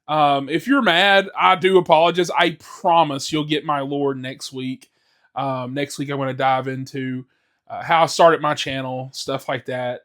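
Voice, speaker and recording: A man's voice: on the high side, fairly bright tone. A young man hosting a casual solo podcast, rambling with many fillers, restarts and frequent swearing. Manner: rambling, filler-heavy, swears freely, self-interrupting. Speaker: podcast host.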